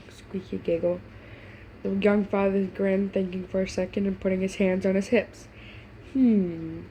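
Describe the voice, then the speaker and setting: A woman's voice: on the low side, warm tone, a little hiss or hum, rough recording. Woman reading fan fiction, stumbling often. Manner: stumbling over words, breaking off to gush; puts on voices for the characters. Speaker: fanfiction reader.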